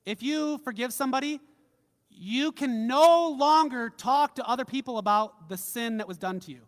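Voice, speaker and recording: A male pastor delivering a casual, conversational sermon with animated emphasis. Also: very high-pitched, moderate pace, in a large hall.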